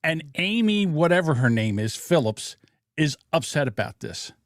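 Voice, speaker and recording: Podcast host, male, pitch slightly high, very lively delivery, dry close mic, blunt and profane. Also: normal speed, no echo. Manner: blunt, profane, animated storytelling. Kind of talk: casual political podcast commentary.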